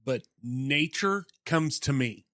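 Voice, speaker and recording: A man's voice: medium pitch, lively intonation, slow pace, a bit bright, no echo, studio quality. A man with an Oklahoman accent co-hosting a podcast, telling laid-back stories in casual banter. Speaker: co-host.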